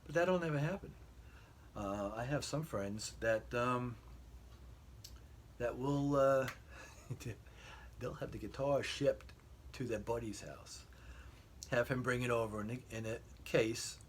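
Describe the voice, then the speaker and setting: A man's voice: mid-range voice, slow, long pauses, slight background noise. Give me a rambling middle-aged man. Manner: rambling, hesitant with many fillers. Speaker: guitar vlogger. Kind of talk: casual storytelling. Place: bedroom.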